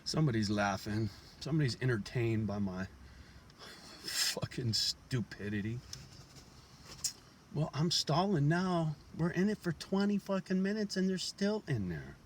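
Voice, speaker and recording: A medium-pitched man with big pitch swings speaks at a measured pace, working a toothpick in his mouth. Outside his house as it's shown on camera, he rambles bluntly and profanely in street slang, with a little hiss or hum in the background.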